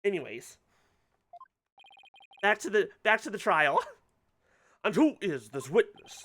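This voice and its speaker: A game streamer rambling casually while playing, chatty and quick to laugh. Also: mid-range voice, sing-song, a bit bright. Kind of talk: casual let's-play commentary.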